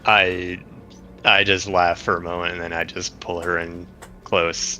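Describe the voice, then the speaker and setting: A man playing a tabletop game, describing his character's actions calmly. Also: sits low, unhurried, faint music behind. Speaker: player.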